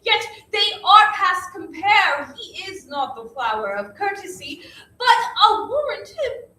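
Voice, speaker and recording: A woman's voice: extremely high pitch, big pitch swings, slow pace, sharp tone, full character voice. A woman on a theater stage playing a rambling old nurse in an unrehearsed reading, with dramatic groans and complaints. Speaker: amateur stage actor. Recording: echoey hall, distant mic, faint noise.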